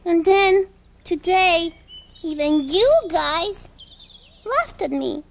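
A woman's voice: extremely high pitch, slow pace, creaky, a bit bright, full character voice. A woman voicing a young puppet girl who says words differently from her friends, talking hesitantly in a children's TV puppet show. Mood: earnest. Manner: hesitant and hurt. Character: young girl puppet, self-conscious about her speech. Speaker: puppet character.

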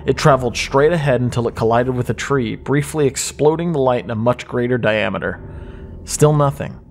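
A man reads a horror story at a middle pitch, measured and suspenseful. His delivery stays steady and drawn out, with a faint hiss behind it. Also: gravelly. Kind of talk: scripted creepypasta narration.

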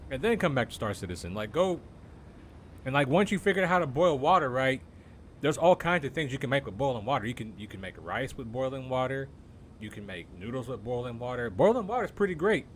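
A man's voice: medium pitch, sing-song, a little fast, a little hiss or hum. Incredulous, swearing young streamer guy. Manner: incredulous, profane, heavy on "bro". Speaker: game streamer. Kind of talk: casual live-stream ranting.

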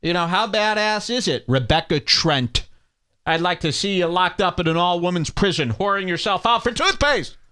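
A man's voice: high voice, expressive, normal speed, bright, forceful tone, clear, resonant tone. A man hosting a podcast, ranting sarcastically and hurling insults while commenting on clips. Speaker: podcast host.

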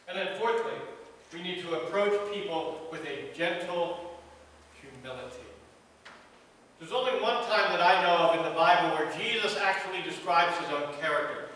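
A man's voice: sits high, pushed and bright, slight background noise. A man preaching a sermon as pastor of a church, earnest and repetitive in his cadence. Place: church sanctuary. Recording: echoey church hall from far off.

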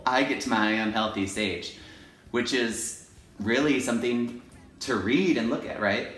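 A man teacher talking in a personal confessional vlog, very expressive, jumping into high voices to act out his own thoughts and going soft and gentle for self-affirmations. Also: moderate pace, roomy sound, faint music behind. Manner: expressive, jumps into high acted inner voices; ends softly with self-affirmations. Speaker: teacher and video blogger.

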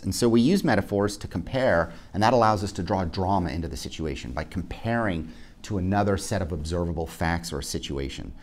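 Man, middle-aged, very deep voice, law instructor, measured explanatory lecture, emphatic examples. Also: a little mellow. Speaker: law school clinic instructor. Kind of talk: recorded legal education lecture.

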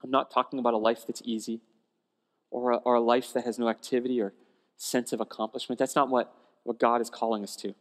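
A male pastor preaching a sermon in a conversational, animated storytelling way, often restarting phrases, in a church sanctuary. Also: medium pitch, fast talker. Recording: long church hall reverb.

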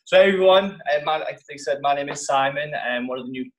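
A man's voice: fairly high pitch, a little fast. A man introducing himself as training director, informal and plain-spoken, with a slightly hesitant start. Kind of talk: workplace training presentation.

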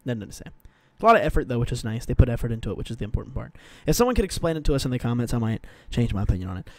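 A man's voice: mid-range voice, rapid-fire, dry recording. A young man hosting a music reaction video, chatting casually and rambling with lots of swearing and jokes. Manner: rambling, profane, jokey, animated.

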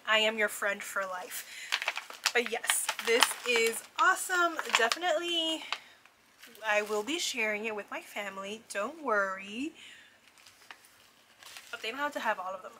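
A woman casually unboxing gifts in a vlog, gushing and excitable, with frequent gasps of delight. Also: on the high side, background noise. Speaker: vlogger opening a gift box. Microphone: ring light setup, camera on a desk.

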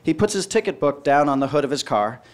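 A man's voice: fairly high pitch, animated, fast. A male stand-up comedian telling a long story and acting out both sides of the dialogue.

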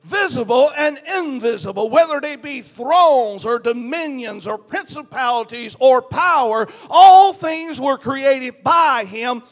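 A high-voiced man with a Southern US accent preaches from the pulpit, taking his time. His voice climbs from hushed prayer to ringing shouts, and the church's long reverb trails behind each phrase. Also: lively intonation, slow pace, hardly any pauses. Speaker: pastor. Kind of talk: sermon. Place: church sanctuary.

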